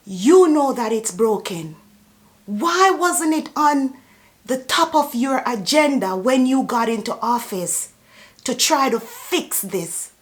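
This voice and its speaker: A woman who works as a personal support worker, giving an indignant, emphatic political rant to camera, repeating words for emphasis. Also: high-pitched. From immigrant to Canada.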